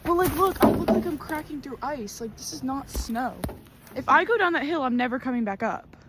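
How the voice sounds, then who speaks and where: A woman vlogging outdoors in deep snow, chatty and exclamatory, mocking herself, out of breath with a slightly rough voice, recorded on a tripod camera. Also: lively intonation, brisk. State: voice a bit rough. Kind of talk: casual vlog narration. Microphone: camera on a tripod, sometimes from a distance. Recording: noisy outdoor recording, sometimes far from the mic. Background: outdoor ambient noise.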